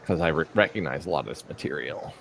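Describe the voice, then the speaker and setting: Lively, rambling male stream host. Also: extremely low pitch, fast, gravelly, a little hiss or hum. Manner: rambling, jokey, breaks into silly voices and singing. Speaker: co-host of a live art stream. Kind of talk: casual live-stream chat.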